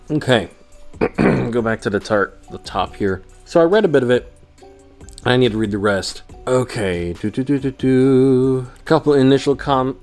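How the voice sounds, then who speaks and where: A young man with a Midwestern American accent talks his way through a casual vlog in a middle-pitched voice. He rambles, restarts his sentences and laughs between thoughts. Quiet music plays under him. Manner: rambling, self-interrupting, laughs often. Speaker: vlogger.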